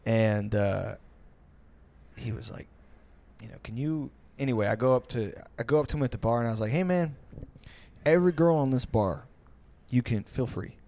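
A man's voice: mid-range voice, moderate pace, vocal fry, warm tone. A man on a podcast telling stories in a loose, rambling way, full of swearing and fillers, and slipping into mocking voices for the people in them. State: tipsy. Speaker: podcast host. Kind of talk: casual storytelling.

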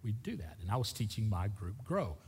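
A middle-aged male pastor with a slightly husky voice delivers a sermon, leaning hard into emphatic bursts and then dropping to quiet asides. His voice rings through a church sanctuary with a long hall reverb trailing after each phrase. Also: fairly low pitch, very animated, a little fast. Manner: emphatic, swinging from loud bursts to soft asides.

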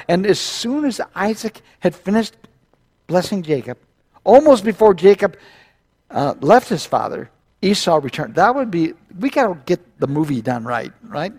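Guy pastor preaching, retells the bible story with little jokes and asides, voice a bit high. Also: sing-song, moderate pace, darkish tone, breathy edge. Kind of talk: sermon.

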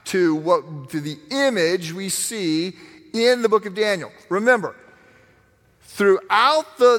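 High-voiced man preaching in a reverberant hall. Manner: animated, emphatic teaching with restarts. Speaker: pastor. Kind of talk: sermon.

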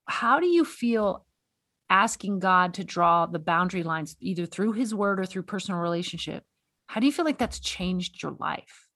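A woman's voice: on the low side, expressive, normal speed, fairly bright tone, no echo. A woman hosting a faith-based conversation, earnest and exhorting, often repeating words as she speaks. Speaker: podcast host.

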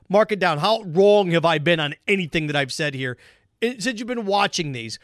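A man with a fairly high voice hosts his own podcast as a one-man opinion rant. He talks with heavy sarcasm and drives his points home by repeating them. The sound is close and dry. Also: a bit bright, dry recording. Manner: sarcastic, repetitive ranting. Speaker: podcast host.

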